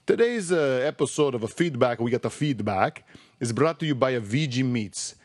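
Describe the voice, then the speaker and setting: A podcast host voicing a brash stereotyped Italian-American man, with an exaggerated accent and broken grammar in a playful ad pitch. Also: lively intonation, racing, darkish tone, no room sound, studio quality, natural voice. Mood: hammy.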